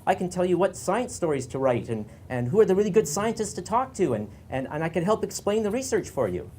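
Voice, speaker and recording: A man's voice: high-pitched, sing-song, fast talker, darkish tone, a little hiss or hum, voice pushed up. A man voicing a talking male frog who was once a scientist, eager and pleading in a joke told on stage.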